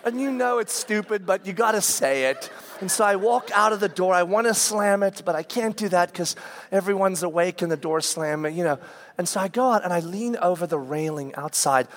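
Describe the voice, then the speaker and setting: A man in his forties preaches with a light, high-pitched voice. He tells a family story with comic timing and jumps into quoted voices to act out the scenes, poking fun at himself along the way. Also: moderate pace, a bit bright. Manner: self-deprecating humor. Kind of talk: humorous sermon storytelling.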